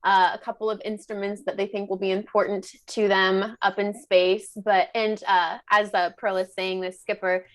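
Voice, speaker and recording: A woman playing a tabletop game, narrating her character's actions briskly. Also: mid-range voice, level tone. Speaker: player.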